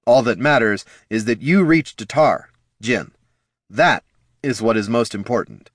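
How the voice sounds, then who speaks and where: A fervent male bard who shouts and pleads, as a male narrator voices him, his voice climbing high above the narration. He sounds insistent and stirred up, and the audiobook recording is dry and close. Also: lively intonation, unhurried, no echo.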